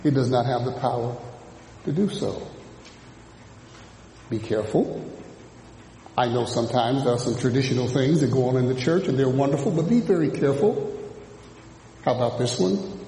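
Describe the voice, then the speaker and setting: A man preaching a sermon, dropping low and then rising to shouts as he mimics churchgoers. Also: normal speed, pauses often, a little hiss or hum. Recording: echoey hall from a distance.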